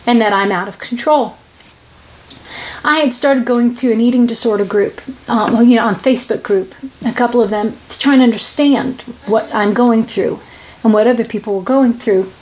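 A woman's voice: on the high side, normal speed, a little mellow, muffled recording, slight background noise. A woman giving an earnest, emotionally open personal testimony in a candid, confessional way. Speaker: person sharing her struggles.

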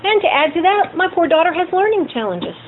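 A woman's voice: extremely high pitch, fairly quick. A middle-aged woman candidly telling personal stories to a group she leads. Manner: candid, animated storytelling with acted quotes. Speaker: group leader. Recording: tinny phone-like sound with faint noise.

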